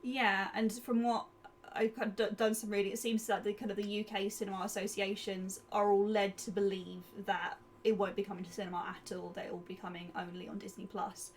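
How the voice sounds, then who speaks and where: A woman co-hosting a podcast in casual chat, lively and quick to laugh. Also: mid-range voice. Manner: lively, chatty, laughs often. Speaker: podcast co-host. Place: home. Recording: faint background noise.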